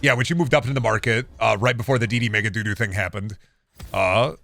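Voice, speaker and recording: A married man streaming a video game, rambling sarcastically and insisting in mock calm that he is not mad. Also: fairly low pitch, quick pace, vocal fry. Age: adult, married. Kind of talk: casual gameplay chat.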